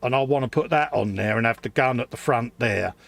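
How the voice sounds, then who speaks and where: A man's voice: medium pitch, fairly quick, gravelly, fairly bright tone. A man co-hosting a live hobby stream, bantering in a slangy way and jokingly boasting as he builds a model.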